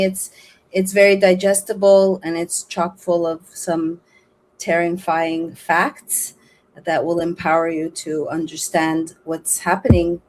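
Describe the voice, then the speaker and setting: A woman hosts her podcast in a loose, rambling way, circling back and restarting her sentences. Her voice sits a little low and carries a frustrated edge. Faint background noise hums beneath her. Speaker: podcast host. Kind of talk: casual show sign-off and appeal.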